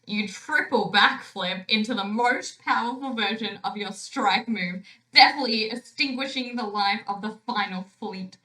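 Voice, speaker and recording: A woman's voice: medium pitch, measured pace, few pauses, sharp tone. A woman playing a tabletop game, reading game text aloud, recorded in an echoey room.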